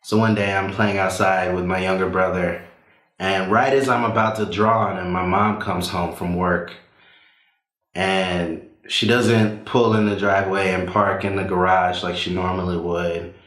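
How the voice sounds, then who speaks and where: A man with a low, deep voice tells a personal story on stage, easygoing and chatty, with frequent "uh"s and "like"s. His voice bounces around a roomy hall. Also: measured pace. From Southern United States. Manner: relaxed, conversational with many fillers.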